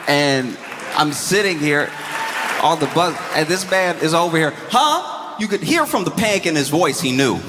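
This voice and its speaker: A man performing a stand-up comedy set, telling stories with animated delivery and quick character voices on a handheld stage mic. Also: a little high, a loud crowd. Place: comedy stage before an audience. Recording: reverberant hall with audience noise.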